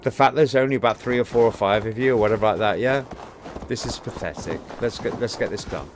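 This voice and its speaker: A man's voice: lowish voice, fast talker, a little hiss or hum. A man streaming live, telling a rambling, profane story and lecturing his chat, repeating himself for emphasis. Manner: storytelling, preachy.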